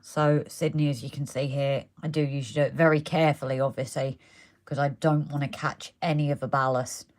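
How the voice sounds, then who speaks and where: Working on a model railway indoors, a woman hosts a chatty live stream in a low-pitched, flat, brisk voice. She reads out viewer comments as she goes, and she's losing her voice.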